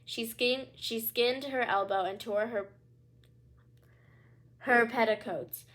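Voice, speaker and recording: A woman's voice: a little high, slow pace, a bit bright. A young woman reading a children's book aloud, with chatty asides and small stumbles. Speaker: read-aloud storyteller.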